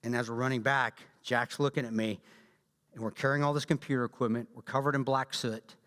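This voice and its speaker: Guest speaker, male, Southern drawl; animated, blunt storyteller with jokes, long church-hall reverb. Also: mid-range voice, a little fast. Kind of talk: storytelling talk to a church audience.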